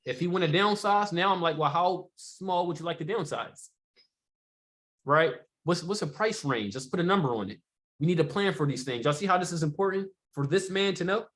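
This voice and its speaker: A man teaching sales technique in a relaxed, conversational way, often checking in with rhetorical questions and filler words. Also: high-pitched, fast. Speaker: sales trainer. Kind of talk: casual sales training talk.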